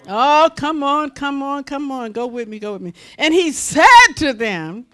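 High, bright-voiced woman minister preaching. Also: a little slow. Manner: folksy, animated, call-and-response preaching. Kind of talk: sermon.

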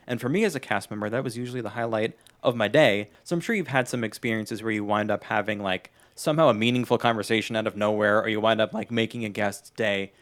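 A man's voice: lowish voice, fast talker, hardly any pauses, fairly bright tone. A man hosting a podcast, asking long rambling questions in casual conversation. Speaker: podcast host.

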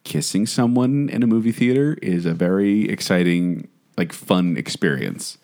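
A man's voice: deep voice, expressive, normal speed, a little mellow. A man co-hosting a casual chat show, opinionated and laughing often. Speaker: podcast co-host. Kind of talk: casual chat about movie etiquette.

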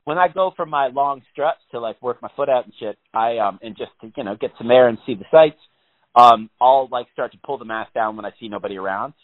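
A man's voice: medium pitch, a little fast, dry recording. Male co-host, rambling and profane, laughs a lot, phone-quality sound. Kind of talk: casual profane chat. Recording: phone-like narrow band.

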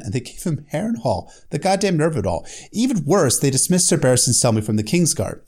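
A man's voice: on the high side, darkish tone. A man casually recapping a fantasy novel chapter, with sarcastic, profane asides and frequent restarts. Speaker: book recap host.

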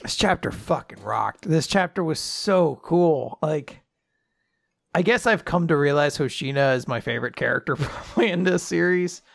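A man's voice: fairly high pitch, lively intonation, normal speed, creaky, no echo, studio quality. A man co-hosting a podcast who chats enthusiastically and swears casually. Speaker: podcast co-host. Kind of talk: casual chat.

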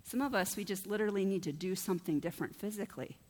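A woman pastor delivers a sermon in a chatty, conversational manner, often turning to her listeners with "right?" Her voice sits at an ordinary middle pitch for a woman. The sound has the long reverb of a church hall. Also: very fast, a little mellow.

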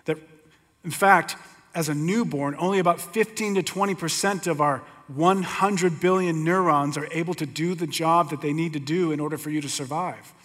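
A middle-aged man teaching a sermon, telling stories in a relaxed, conversational way with humor. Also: a little high, normal speed. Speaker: pastor teaching. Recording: long hall reverb.

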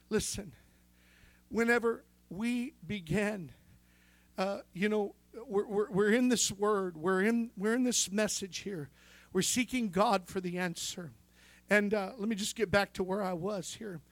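A man's voice: high-pitched, measured pace, no echo. A man preaching a sermon with fervor, breaking in with calls of amen and restarting his sentences as he tells a story. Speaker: pastor.

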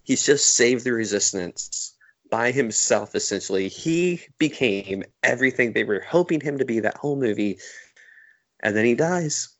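A man co-hosting a podcast, retelling a favorite film scene with excited, animated storytelling. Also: mid-range voice, normal speed. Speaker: podcast co-host. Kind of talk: casual fan discussion.

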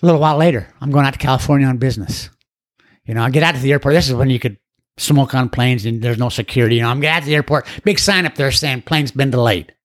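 Speaking quickly at a medium pitch, this older man shares how he recovered, rambling along in a plain-spoken, folksy style. When other people come into the story, he does their voices in quotes.

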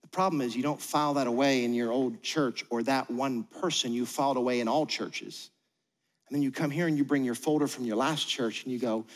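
Pastor preaching in a reverberant hall. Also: male voice, medium pitch, brisk. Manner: conversational, acts out quoted voices. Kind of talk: sermon. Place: church auditorium.

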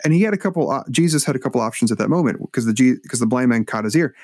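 A man's voice: mid-range voice, husky, no echo. Earnest man telling a story, dry sound. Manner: animated, acts out voices when retelling, halting restarts. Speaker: guest, author and minister. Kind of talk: storytelling in a podcast interview.

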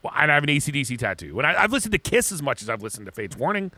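A man co-hosting a podcast in loose, crude banter, restarting his sentences again and again. His voice is bright and forceful and swings widely in pitch. The sound is dry and close to the mic. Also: very animated, racing, no echo. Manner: rambling, crude joking, frequent restarts. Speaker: podcast co-host. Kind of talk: casual chat.

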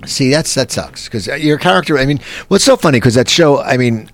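A man's voice: medium pitch, expressive, fairly quick. A man hosting a casual interview, rambling and restarting his questions. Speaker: interview host.

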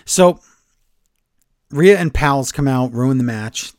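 A man co-hosting a wrestling podcast, recapping shows in a sarcastic, animated way and acting out what the wrestlers said. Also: medium pitch, slow pace, smooth, no echo, studio quality. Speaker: podcast co-host. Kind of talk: casual wrestling recap chat.

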